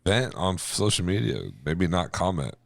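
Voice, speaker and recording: Brief: male podcast co-host, very deep voice, dry sound, laid-back remarks. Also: lively intonation, moderate pace, vocal fry, no echo. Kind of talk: casual chat.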